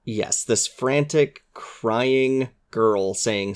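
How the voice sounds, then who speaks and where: Podcast guest, man, lowish voice, eager and earnest. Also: moderate pace. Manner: earnest, enthusiastic, acts out quoted lines. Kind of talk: casual chat.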